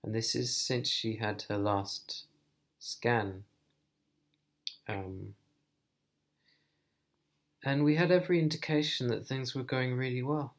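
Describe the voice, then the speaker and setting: A man talking to camera in a personal vlog, thoughtful and hesitant, thinking aloud with many pauses. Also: mid-range voice, fairly even intonation. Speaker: vlogger.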